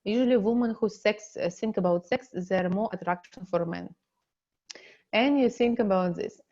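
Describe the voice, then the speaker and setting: Russian-accented woman, middle-aged, relationship coach; halting non-native English, unhurried delivery, a bit dull-sounding webinar recording. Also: mid-range voice, mellow. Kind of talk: online seminar teaching.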